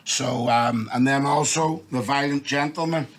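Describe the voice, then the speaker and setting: A hoarse man with a Northern Irish accent, hosting a podcast and bantering casually with fillers. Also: medium pitch, steady tone. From Northern Ireland. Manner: laid-back banter, drawn-out fillers. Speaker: podcast host. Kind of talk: casual chat.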